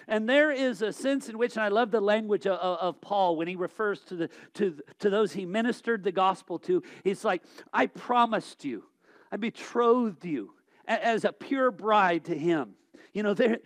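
High-voiced man preaching a sermon. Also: expressive, moderate pace. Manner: emphatic, with big swings between loud exhortation and quiet reflection; stumbles and repeats words while thinking aloud.

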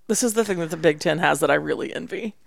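A man hosts over a video call, steering the talk with wry, quick humor. His voice has a gravelly edge, and the sound is close and dry. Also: on the high side, no echo. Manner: wry, quick-witted moderator. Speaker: podcast host. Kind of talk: casual chat.

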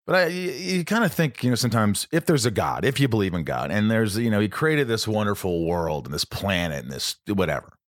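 A man hosting a podcast in casual chat, rambling and swearing, with sudden high excited bursts. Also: a little fast, few pauses, dry recording, studio quality. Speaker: podcast host.

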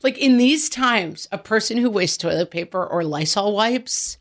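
A middle-aged woman co-hosting a podcast in casual, animated chat and storytelling. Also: mid-range voice, moderate pace. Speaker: podcast co-host.

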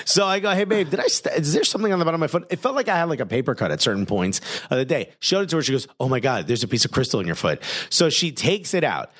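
A man hosting a podcast, telling a comic story in casual, animated chat. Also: fairly high pitch, rapid-fire, hardly any pauses. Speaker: podcast host.

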